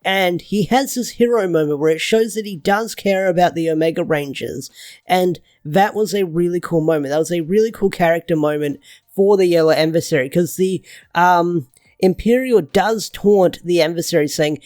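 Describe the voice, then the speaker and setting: A man giving a casual, excitable comic book review, gushing and rambling loosely. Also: high voice, normal speed, no room sound.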